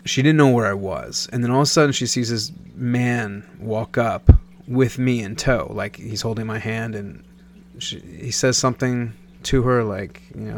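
A man in his thirties from Nebraska with a low, gravelly voice tells a personal story in a loose, rambling way. He keeps restarting and correcting himself mid-thought. A faint hum sits under the recording. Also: measured pace. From Nebraska, USA.

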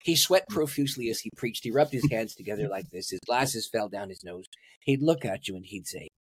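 A man's voice: fairly low pitch, animated, fairly quick, slightly rough. A man, a pastor and guest, telling a story in an interview and laughing at his own stories.

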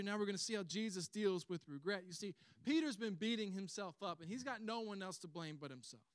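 Southern male pastor, high voice, dry close sound, animated storyteller. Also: no room sound. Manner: animated storytelling, acts out quoted lines. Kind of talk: sermon.

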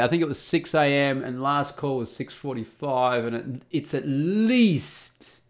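Chatty Australian man telling a story. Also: on the low side. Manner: chatty, swears, acts out both sides of dialogue. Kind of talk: casual anecdote.

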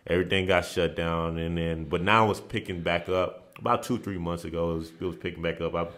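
Very deep-voiced man telling stories. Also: brisk. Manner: relaxed, with frequent restarts and repeated phrases. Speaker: interview guest, former basketball player. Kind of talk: casual storytelling in a podcast interview.

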